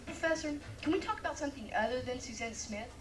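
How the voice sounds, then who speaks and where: A woman's voice: high-pitched, fast talker. A woman playing an interviewer in an amateur comedy skit, asking earnest questions and giggling. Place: dinner theater hall with audience. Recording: distant camcorder, noisy room with crowd.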